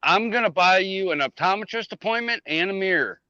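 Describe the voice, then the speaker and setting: A man's voice: high-pitched, expressive, a little fast, bright, forceful tone, no room sound. A man joining a livestream chat, making blunt, crude remarks. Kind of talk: casual chat. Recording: dull, dry remote audio.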